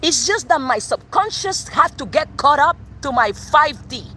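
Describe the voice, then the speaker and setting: A woman giving a live tarot reading, excitable and expressive, swearing casually as she talks to viewers. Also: high voice, unhurried, slight background noise. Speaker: tarot reader.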